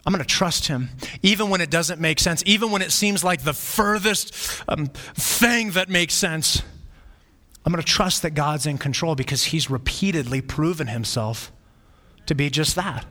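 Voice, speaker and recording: A bright, ringing male voice pitched well above the usual, preaching with earnest repetition. His sermon carries the long reverb of a church hall. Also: measured pace. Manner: earnest preaching with repeated phrases. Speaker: pastor.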